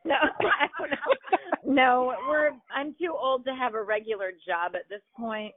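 Joking, chatty guest on a tinny line. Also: female voice, high voice, unhurried. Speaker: podcast guest, business owner. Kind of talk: casual interview. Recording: tinny phone-like sound.

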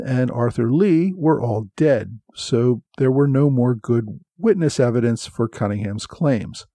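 A man's voice: medium pitch, mellow, dry recording. A man hosting a history podcast, reading thanks and notes in an earnest, explanatory way. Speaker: podcast host. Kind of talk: scripted podcast narration.

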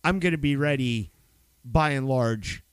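A man's voice: mid-range voice, measured pace, clear, resonant tone, dry recording. A man co-hosting a podcast in loose, profane, rambling casual chat. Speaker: podcast co-host.

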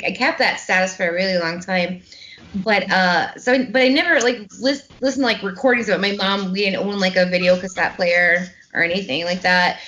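A woman hosting a podcast in casual chat, with a high-pitched, nasal voice and an animated way of quoting herself. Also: a little hiss or hum. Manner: animated, quotes herself often. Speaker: podcast host.

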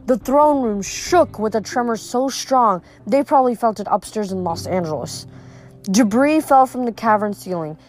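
A woman's voice: a little high, lively intonation, normal speed, faint music behind. A woman reading a novel aloud, narrating steadily in the first person. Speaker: reader.

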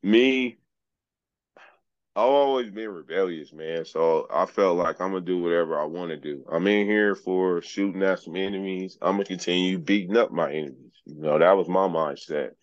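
A man speaks as a podcast guest, telling his story in a laid-back, candid way. His voice sits low. The recording is dry and a bit dull, with no room sound. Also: normal speed, no room sound. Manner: laid-back, frank, peppers speech with "man". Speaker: podcast guest, journeyman lineman. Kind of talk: casual storytelling interview.

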